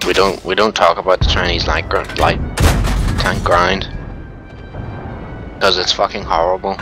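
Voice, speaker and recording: A man's voice: deep voice, level tone, a little slow, music in the background. A man chatting casually with friends while gaming, blunt and sarcastic. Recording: game audio and gunfire underneath.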